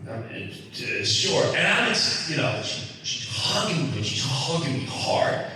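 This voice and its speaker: A middle-aged man from the United States, a comedian hosting his show, telling a rambling, animated, confiding story. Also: normal speed. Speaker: comedian host. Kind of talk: comic storytelling monologue. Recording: echoey hall from far off with low rumble.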